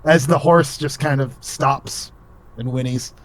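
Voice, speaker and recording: A man's voice: medium pitch, fairly even intonation, a little slow. A young man runs a tabletop game as its game master, describing scenes in a loose, rambling way. He fills his narration with "um" and "like" and keeps an easy, offhand tone. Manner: casual, rambling, full of fillers.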